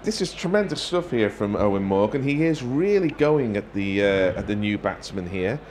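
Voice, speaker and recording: A man giving ball-by-ball cricket commentary in a measured, wry way, lifting his voice when a wicket falls. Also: fairly low pitch, very animated, darkish tone, slight background noise. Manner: wry, measured, quick to joke.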